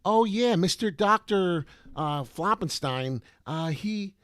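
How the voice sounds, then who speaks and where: A man's voice: expressive, takes it slowly, smooth, no echo. A man voicing a gullible scam victim who gushes with praise. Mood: gushing. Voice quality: high, gushing.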